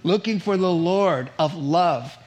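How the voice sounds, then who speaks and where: A middle-aged male pastor delivering a lively sermon, his voice sitting a touch higher than most men's. He keeps firing rhetorical questions that climb in pitch and slips into little acted-out quotes of other people. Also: slow.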